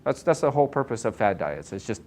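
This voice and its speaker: Speaking quickly in a lowish voice, a male chiropractor leads an informal nutrition talk for a small live audience in a meeting room. Energetic and self-described as hyper, he peppers the crowd with questions.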